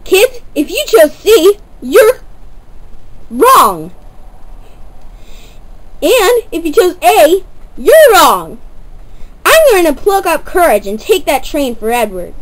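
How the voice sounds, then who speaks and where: A woman voicing an eager, cheeky young male tank engine in a homemade toy-train story, excitable and quick to cry out. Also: very high voice, pitched above the performer's own voice, full character voice. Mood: cheerful. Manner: excitable, cries out in alarm.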